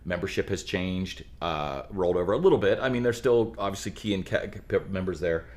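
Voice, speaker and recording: A man from the Pittsburgh area, a musician guest on a podcast, telling band stories in an animated, rambling way with frequent restarts. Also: low-pitched, a little fast. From Pittsburgh area, USA. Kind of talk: casual chat.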